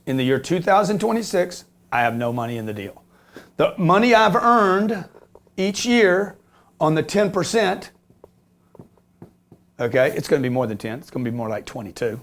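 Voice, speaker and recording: A man in his fifties who talks about real estate investing, emphatic and repetitive, often asking "okay?" and swearing as he jokes. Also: a little high. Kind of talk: animated business talk.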